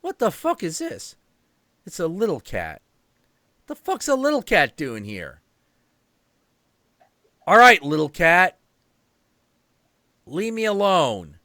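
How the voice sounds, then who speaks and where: A man voicing a grumpy old male cat who talks in a gruff, dismissive way and swears. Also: high voice, huge pitch swings, slow, pauses often, pushed and bright, dry recording, clean studio sound, pitched above the performer's own voice, exaggerated voice. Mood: irritated.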